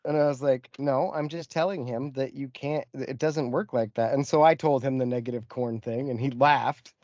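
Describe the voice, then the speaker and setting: A man co-hosting a podcast, telling a story with lively acted-out quotes in casual chat. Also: medium pitch, normal speed, no echo, dull audio. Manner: animated storyteller, acts out quotes. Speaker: podcast co-host.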